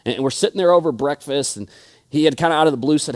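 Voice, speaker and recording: Man preaching, thirties, slightly high voice, stammers, repeats words, storytelling sermon. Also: quick pace. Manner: frequent stutters and word repeats; storytelling, acting out quoted friends. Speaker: pastor.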